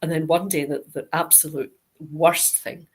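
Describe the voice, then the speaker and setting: A middle-aged Scottish woman, a guest author in an interview, telling stories with lively acted-out quoted dialogue. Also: sits low, moderate pace, husky. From Scotland. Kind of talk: interview anecdote.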